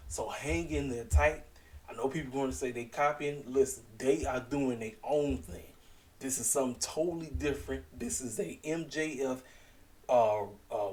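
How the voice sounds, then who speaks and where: A man giving a casual, animated recap at home, talking straight to his audience. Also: mid-range voice, recorded from a distance, poor audio. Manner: animated, talks straight to the audience, keeps calling out "ladies and gentlemen". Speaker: wrestling show reviewer.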